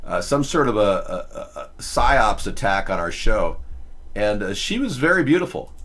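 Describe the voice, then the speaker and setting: A male host with a low voice that swings widely in pitch. He rambles through a casual live-show chat and keeps restarting his sentences with "uh.". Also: very animated, moderate pace, a bit bright. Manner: rambling, full of fillers and restarts.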